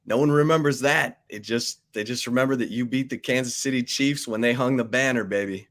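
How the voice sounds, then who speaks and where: Relaxed man hosting sports talk. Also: mid-range voice, fairly quick. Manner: relaxed, laughs along, asks questions. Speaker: sports radio host.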